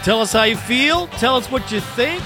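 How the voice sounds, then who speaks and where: A man hosts a sports fan podcast, offering casual commentary in an emotional, rambling style and laughing often. His voice is extremely high-pitched and animated, at normal speed, with music underneath.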